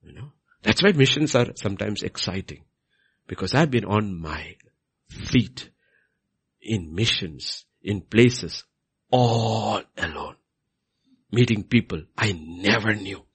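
A middle-aged man preaching a sermon, swinging between loud emphasis and quiet asides. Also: lowish voice, lively intonation, slow, pauses often, slightly rough.

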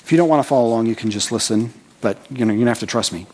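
A man's voice: medium pitch, rapid-fire, darkish tone, a little hiss or hum. A man preaching a sermon as pastor, talking conversationally, reading scripture aloud with his own asides and checking in with "right?".

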